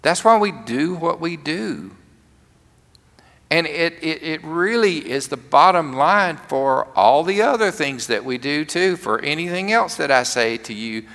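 In a church sanctuary with the long reverb of a large church, a male pastor gives a conversational, humorous sermon, often restarting sentences as he tells a story. His voice is on the high side and a bit bright, with lively intonation at a measured pace.

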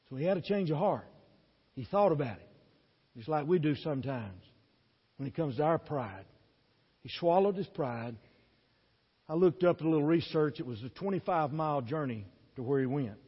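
A man's voice: a little high, husky, long reverb tail. Preacher guy reading scripture, acts out the characters all heated, dull muffled sound. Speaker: pastor. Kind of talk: sermon.

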